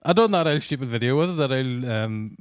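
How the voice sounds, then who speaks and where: A man's voice: medium pitch, expressive, a little fast, clear, resonant tone, dry recording, clean studio sound. A man in his thirties with a Northern Irish accent, a laughing podcast guest in casual banter. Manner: laughing, chatty.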